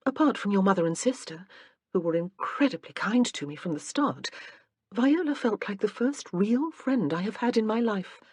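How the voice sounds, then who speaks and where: A woman's voice: medium pitch, animated, normal speed, darkish tone, slightly rough, no room sound, voice pushed up. A woman voicing a playful, teasing young wife in an audiobook. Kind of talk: audiobook character reading.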